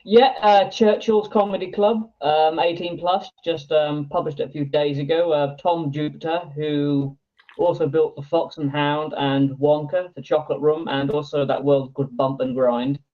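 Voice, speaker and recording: A British man talks as a guest in a casual chat, his voice a touch higher than most and squeezed through a thin, phone-like line. He speaks plainly and haltingly, leaning on ums. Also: fairly even intonation.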